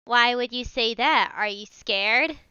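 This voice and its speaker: A woman's voice: on the high side, unhurried, sharp tone, clean tone, no echo, lo-fi sound. A woman playing a tabletop role-play game, narrating her character's actions in a rambling way. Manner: rambling, many fillers and restarts in narration. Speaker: player.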